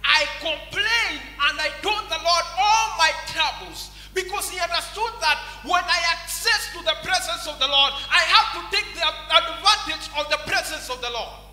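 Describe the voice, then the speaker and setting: A man's voice: very high-pitched, moderate pace, few pauses, pushed and bright. A man with a Kenyan English accent preaching a sermon in a large church hall, breaking often into repeated praise refrains. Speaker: pastor. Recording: echoey church hall, music behind.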